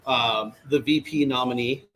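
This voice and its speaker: A man's voice: mid-range voice, fairly even intonation, unhurried, a bit bright, a little hiss or hum, rough recording. Emphatic man chatting on a podcast. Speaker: co-host. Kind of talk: casual chat.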